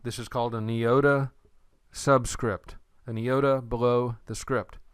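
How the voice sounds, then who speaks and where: A man's voice: medium pitch, fairly even intonation, measured pace, smooth, no echo, clean studio sound. A man teaching an introductory Greek lesson, explaining patiently with playful memory tricks. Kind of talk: recorded lecture.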